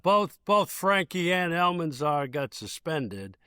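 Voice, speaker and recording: A man's voice: a little high, big pitch swings, takes it slowly, sharp tone, smooth, no room sound, clean studio sound. A man co-hosting a sports podcast, chiming in casually. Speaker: podcast co-host.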